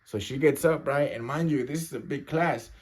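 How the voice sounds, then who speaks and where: Casual male storyteller, ex-inmate, profane, slangy, constant verbal fillers, mid-pitched voice. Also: moderate pace, slightly rough. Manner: loose, slangy, peppered with "like" and "right?". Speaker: former prisoner telling his story.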